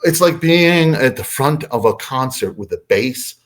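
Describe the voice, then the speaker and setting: A man appearing as a podcast guest tells a story casually and animatedly, acting out the voices of its characters. His voice is medium-pitched and unhurried.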